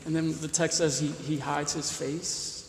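Guy preaching slow and emphatic, kinda high voice, big echoey hall. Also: flat delivery, creaky, slight background noise. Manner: emphatic, repeats and restarts words, rises in pitch when stressing points. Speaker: pastor. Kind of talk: sermon. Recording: roomy hall with long reverb.

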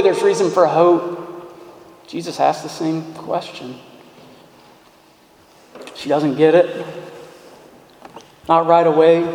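A man preaching a sermon as pastor, talking conversationally, restarting words and moving between brisk runs and slow, emphatic lines, in a church. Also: on the high side, dark tone. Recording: echoey reverberant hall.

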